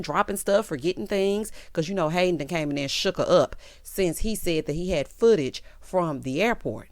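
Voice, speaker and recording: A sassy woman recaps a TV episode in a casual vlog, laughing and acting out each character. Her pitch swings all over, full of life. The sound is dry and close. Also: dry recording. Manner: sassy, playful, quick to laugh, acts out characters' lines. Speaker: TV recap reviewer.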